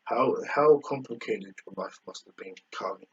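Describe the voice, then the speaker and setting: A man voicing an ancient, wise male alien elder, speaking slowly and softly in a solemn, welcoming way. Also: mid-range voice, lo-fi sound, slight background noise, natural voice. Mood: gentle earnest.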